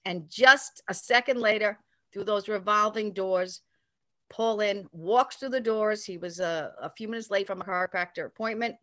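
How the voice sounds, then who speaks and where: Older woman, animated storyteller, dry close sound, voices the people she quotes. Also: mid-range voice, normal speed, dry recording. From New York area. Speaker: storyteller recounting a personal memory. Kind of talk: casual anecdote.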